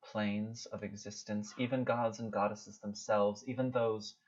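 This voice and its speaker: A man voicing a mysterious goddess who speaks in slow, solemn, preaching tones. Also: fairly low pitch, little pitch movement, natural voice. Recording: dull lo-fi audio.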